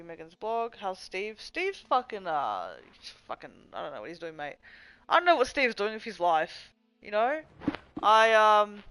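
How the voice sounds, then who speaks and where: A woman's voice: medium pitch, a bit bright, clear, resonant tone, dry recording, poor audio. A young woman hosting a livestream, rambling casually, swearing freely, goofing around and reading chat messages aloud. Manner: chatty, profane, goofy, reads chat aloud. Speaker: livestream host.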